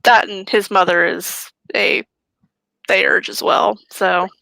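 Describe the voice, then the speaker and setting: A woman's voice: medium pitch, steady tone, slow, vocal fry, bright, forceful tone, no room sound, poor audio. A woman playing a tabletop role-playing game, speaking politely and explaining in character. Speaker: tabletop role-play player.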